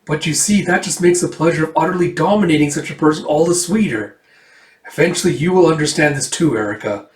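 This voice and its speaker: A man's voice: a little high, fast talker, natural voice. A man doing a gloating villainous baron. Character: cruel aristocratic male baron villain, gloating. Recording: echoey room, far from mic.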